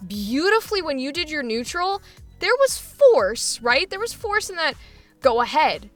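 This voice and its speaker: Woman, acting coach, high bright voice, upbeat and laughing, faint music under her. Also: sing-song, measured pace. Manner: enthusiastic, laughs often, encouraging. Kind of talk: coaching feedback chat.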